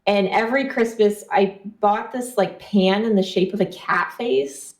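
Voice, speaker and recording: A woman's voice: mid-range voice, measured pace. A young woman co-hosting a podcast in easygoing casual chat, laughing often. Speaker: podcast co-host. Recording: roomy echo.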